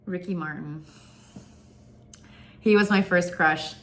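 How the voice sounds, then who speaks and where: Young woman from Florida, chatty vlogger, clear bright voice, animated, laughs a lot. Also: on the low side, slow. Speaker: singer and vlogger. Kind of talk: chatty storytelling.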